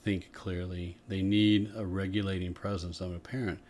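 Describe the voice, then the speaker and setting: A man with a notably deep voice explains things in a measured, unhurried way. He is co-hosting a podcast in a casual discussion. A faint background hiss sits under his speech. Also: flat delivery, a little mellow. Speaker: podcast co-host.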